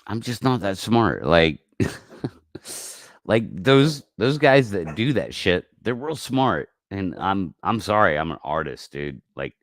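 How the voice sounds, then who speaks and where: A man hosting a casual livestream, talking in a rambling, profane way that swings from mumbled asides to loud outbursts, on a close mic. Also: sits low, big pitch swings, takes it slowly, no room sound. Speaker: livestream host.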